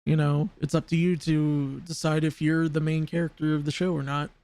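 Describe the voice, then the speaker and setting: A man's voice: fairly high pitch, little pitch movement, moderate pace, a little mellow, no room sound. Stammering, rambling male streamer. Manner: rambling, stammering, repeats words. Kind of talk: casual live-stream commentary.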